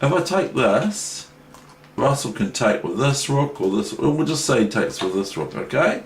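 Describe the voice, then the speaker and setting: Talking through a chess game, a man from New Zealand rambles chattily and wanders into plenty of asides during this relaxed lesson. He has a mid-range, expressive, creaky voice and an unhurried delivery. Faint noise and echo come from the room.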